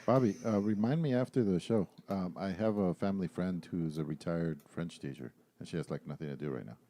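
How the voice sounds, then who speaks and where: A man's voice: low-pitched, brisk, dark tone. A man co-hosting a gaming podcast, chatting casually and teasing the others. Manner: teasing, interjects. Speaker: podcast co-host. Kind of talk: casual chat.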